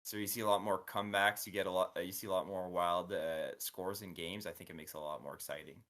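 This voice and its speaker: Man explaining hockey in relaxed chat. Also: low-pitched, fast. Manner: explanatory, hedging with fillers. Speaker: podcast co-host. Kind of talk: casual chat.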